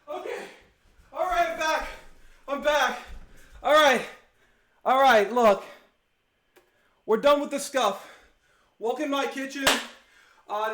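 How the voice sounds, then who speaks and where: High-voiced excitable young man streaming. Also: slight background noise. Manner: excitable, rambling, chatty with viewers. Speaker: livestream host. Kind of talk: casual live-stream chat. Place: home kitchen. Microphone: omnidirectional mic set in the room. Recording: echoey room sound.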